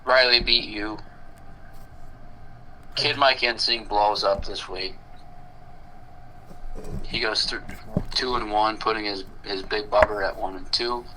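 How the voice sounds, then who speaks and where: A man's voice: on the low side, fairly even intonation, slow pace, pauses often, sharp tone, a little hiss or hum, low-quality recording. A man co-hosting a podcast in casual chat, with crude, joking banter. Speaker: podcast co-host.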